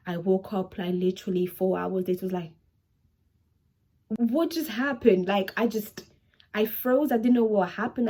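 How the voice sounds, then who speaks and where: A woman in her twenties talking casually to camera in a home vlog, animated and chatty, repeating herself for emphasis. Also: mid-range voice. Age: 20s. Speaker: vlogger.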